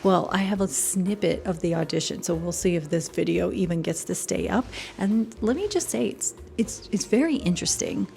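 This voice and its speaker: A woman giving casual performing arts commentary at home, chatty and animated, often laughing and sometimes dropping to a whisper. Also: lowish voice, moderate pace, creaky, hardly any pauses. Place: home room.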